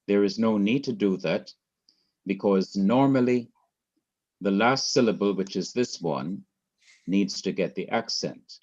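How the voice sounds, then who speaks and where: A man's voice: on the low side, a little slow, a little mellow. A man teaching a Hebrew class in a patient, repetitive lecture style, spelling out letters one by one. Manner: patient, repeats key points, spells out letters. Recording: dull lo-fi recording.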